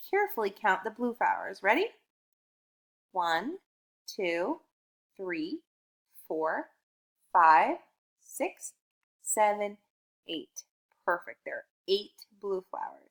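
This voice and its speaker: A young woman teaching kindergarten math on video in an upbeat, encouraging way, pitched in an ordinary middle range. She counts aloud slowly and stretches out the key sentences for small children. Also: fairly bright tone.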